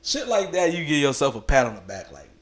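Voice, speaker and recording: A man's voice: on the high side, huge pitch swings, fairly quick. A young man casually telling a crude, laughing storytime anecdote at home late at night. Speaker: vlogger.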